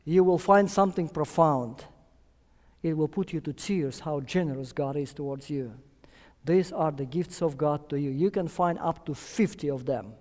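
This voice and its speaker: A man's voice: moderate pace, a little mellow. Earnest male preacher in a reverberant church. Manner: earnest, rises in pitch and force for emphasis. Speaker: guest preacher. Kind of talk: sermon. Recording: long hall reverb.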